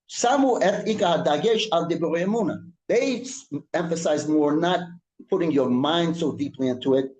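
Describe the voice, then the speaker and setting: A rabbi teaching a Torah class. He reads Hebrew text quickly and explains it in English, repeating and restarting his phrases. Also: on the high side, darkish tone, roomy sound, low-quality recording. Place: synagogue room.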